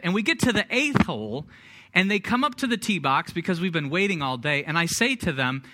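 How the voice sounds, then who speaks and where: A man's voice: on the high side, sing-song, a little fast, pushed and bright. A middle-aged man preaching a sermon, telling a personal story with self-deprecating humor before turning to scripture. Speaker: pastor.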